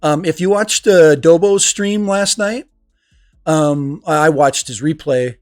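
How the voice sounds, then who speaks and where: A man who hosts livestreams and teaches speaks slowly from a room at home, his voice on the high side with a darkish tone. He rambles and laughs as he reads the chat into his desk microphone, and the recording is dry and close with music playing behind.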